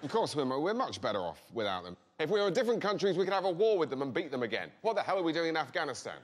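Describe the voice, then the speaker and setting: A man's voice: on the high side, sing-song, racing, heavy background noise. A man on a comedy panel making blunt, emphatic jokes. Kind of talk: comic panel banter.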